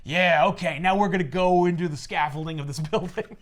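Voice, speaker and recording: Brief: slightly high-voiced male co-host, animated comic recap, mimics characters. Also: fairly quick. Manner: animated retelling, acting out characters' lines. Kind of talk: casual chat.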